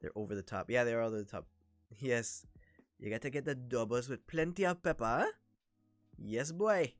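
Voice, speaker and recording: A man with a Toronto accent, giving chatty, excitable commentary during a wrestling watch-along livestream. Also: mid-range voice, fairly quick, no room sound, soft background music. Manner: chatty, excitable, reacts to the action. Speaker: livestream host.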